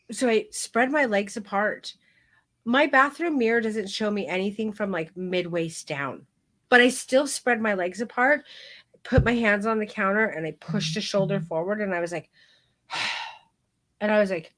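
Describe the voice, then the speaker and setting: A middle-aged woman teaching a live photography class, telling stories in a frank, animated way with casual swearing. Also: a little high, normal speed. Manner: frank and animated, with mild profanity.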